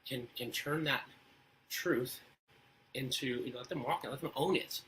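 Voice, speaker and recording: A man's voice: mid-range voice, moderate pace, fairly bright tone, a little hiss or hum, poor audio. A man telling personal stories as an interview guest, earnest and fond of rhetorical questions. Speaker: guest speaker on parenting. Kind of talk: casual storytelling interview.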